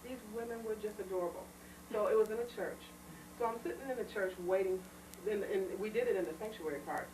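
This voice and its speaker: A woman's voice: mid-range voice, fast, distant mic. A woman giving an informal talk to a small audience, telling personal stories with a lot of feeling. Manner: chatty, emotional storytelling, laughs often. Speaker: speaker on children's literature. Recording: echoey room recorded from afar, noisy.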